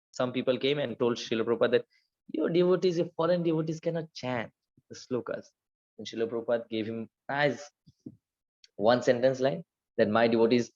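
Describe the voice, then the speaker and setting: A man leads a devotional class at a middle pitch, telling stories and acting out the quotes with energy. He chants scripture verses quickly between his explanations. The recording sounds a little dull and lo-fi. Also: darkish tone. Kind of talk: Gita class lecture.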